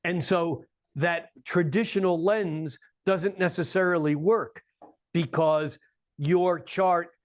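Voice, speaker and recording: A man's voice: on the high side, fairly even intonation, slow pace. A man giving a live astrology talk to an audience in a coffeehouse, with wry joking asides.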